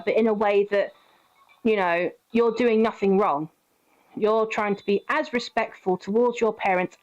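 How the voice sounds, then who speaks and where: A young woman live streaming, chatting casually and gently reassuring her viewers with advice. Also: medium pitch. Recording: dull lo-fi stream audio.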